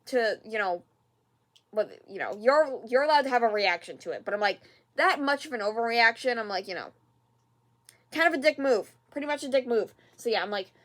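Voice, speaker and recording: A woman with a voice on the high side hosts a reaction video, chatting loosely and rambling, full of filler words and repetition. The show exasperates her, and she sighs at it.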